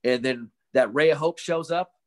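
Over a video call for a casual podcast, a mental performance coach tells energetic stories in a fairly high-pitched voice at a moderate pace. He acts out quoted voices and swears in an easygoing way.

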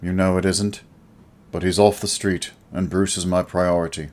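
A man voicing a gentle, tired uncle and former teacher who speaks softly and consolingly. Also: low voice, flat delivery, lightly acted. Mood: somber. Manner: soft, consoling, measured.

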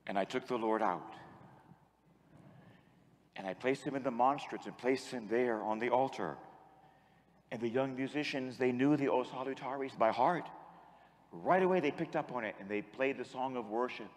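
A man's voice: mid-range voice, moderate pace, long pauses. Man preaching in a reverberant church. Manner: storytelling preacher leading the congregation in call-and-response. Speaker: priest. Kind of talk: sermon.

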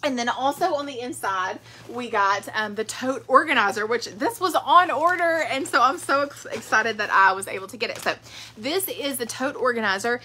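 A woman's voice: a little high, normal speed, bright, forceful tone. A woman, chatting casually in a product vlog, rambling with fillers. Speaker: direct sales director.

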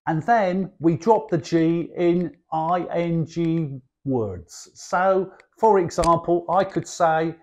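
A man's voice: fairly high pitch, slow pace, hardly any pauses, darkish tone. A man from London with a Cockney accent, a guest chatting in a friendly way and calling the host "love". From London, England. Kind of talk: explaining in a friendly chat.

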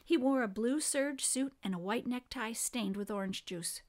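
Female reader, slightly high voice, expressive storybook narration. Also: normal speed. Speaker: reader of a children's book. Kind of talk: reading a storybook aloud.

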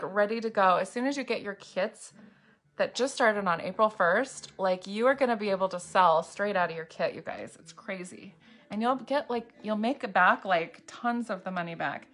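Speaking in a mid-range, slightly bright voice, a woman does an eye makeup demo on a live video at home. She's chatty and bubbly, talking casually with viewers and using their names, in a room lit by a ring light and window light.

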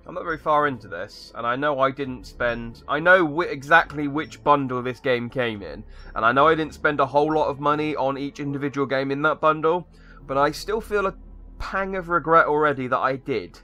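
Bright, sarcastic young man gaming. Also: on the high side, brisk, faint music behind. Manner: sarcastic, rambling, mocking the game. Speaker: gaming YouTuber. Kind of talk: sarcastic let's-play commentary.

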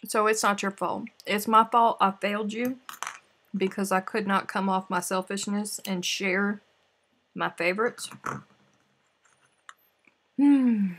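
A woman with a twang chats casually with her livestream viewers, playful and talkative as she answers comments between snacks. Her voice has a husky, slightly breathy texture. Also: mid-range voice, steady tone, slow pace, pauses often. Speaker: crochet livestream host.

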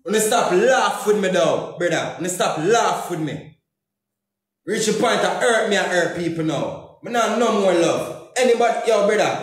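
A man with a Jamaican accent venting heatedly on social media, cursing and repeating himself as he speaks in Patois. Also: high voice. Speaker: comedian and YouTuber. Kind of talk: angry social media rant. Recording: very echoey room.

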